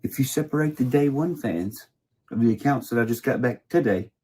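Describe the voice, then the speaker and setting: A man's voice: mid-range voice, a little fast, dark tone. A man ranting in a profane, mocking way. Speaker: video creator. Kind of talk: angry rant.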